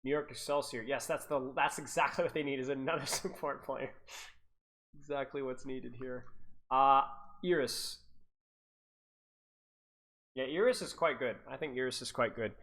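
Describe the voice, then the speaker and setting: A man's voice: medium pitch, steady tone, moderate pace, a bit bright. A man and esports coach chatting casually on a livestream, rambling, repeating himself and laughing to his viewers. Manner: talks to chat viewers.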